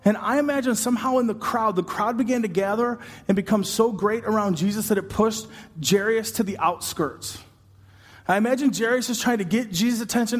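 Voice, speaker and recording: A man preaching a sermon, dramatic and animated, acting out the voices of the people in the story. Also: high voice, normal speed. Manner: dramatic, acts out voices, builds to shouting. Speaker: pastor. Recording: long hall reverb.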